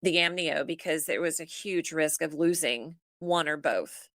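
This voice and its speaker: A middle-aged woman speaks as a podcast guest with a somewhat low voice. She tells stories in a chatty way and brings people to life by acting out their words. The recording is dry and close, with no room sound. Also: a little slow, dry recording. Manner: animated storyteller who acts out family dialogue. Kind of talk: casual storytelling in conversation.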